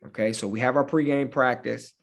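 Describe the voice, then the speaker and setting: Animated man telling a story. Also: mid-range voice, brisk, gravelly. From Hampton, Virginia. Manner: animated, laughing, with lots of fillers like "man" and "you know". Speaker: high school football coach, guest. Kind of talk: casual storytelling.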